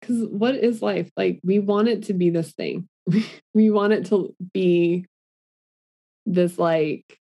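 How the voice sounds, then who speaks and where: A woman's voice: mid-range voice, slow pace, dark tone. A woman co-hosting a podcast, musing casually and enthusiastically. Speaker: podcast co-host. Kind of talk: casual conversation.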